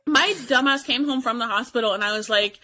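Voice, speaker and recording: A woman's voice: fairly high pitch, brisk, bright, forceful tone, slight background noise. A young woman telling a story in casual chat, laughing often and acting out what people said to her. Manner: storytelling with lots of laughter and quoted dialogue.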